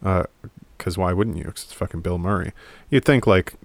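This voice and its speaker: Deep-voiced man rambling about movies. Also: moderate pace, gravelly, no room sound. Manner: rambling, irreverent, laughs often, swears casually. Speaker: movie commentator. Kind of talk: casual movie chat to camera. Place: home room in front of a DVD rack.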